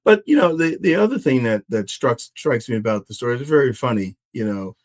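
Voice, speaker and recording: A man hosting a podcast interview, with a voice of middle pitch. He thinks aloud in a reflective, hesitant way and leans on fillers. The sound is close and dry. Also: animated, a little fast, no echo. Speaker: podcast host. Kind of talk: conversational interview.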